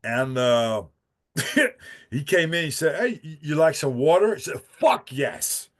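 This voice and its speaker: A Dutch man appears as a podcast guest, telling a profane, rambling story full of laughs and restarts. His voice is a little high and very animated, yet he speaks slowly in this casual storytelling.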